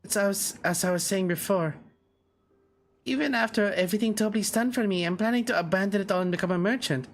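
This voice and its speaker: A man's voice: high-pitched, a little fast. A man reading game dialogue aloud, voicing a hesitant, worried young man. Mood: troubled.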